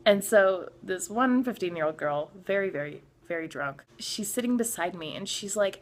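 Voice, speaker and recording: A young woman from Canada telling a storytime vlog, excitable and full of filler "like"s, acting out what people said. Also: medium pitch, normal speed, few pauses. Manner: excitable, many filler "like"s, acts out quotes. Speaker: vlogger.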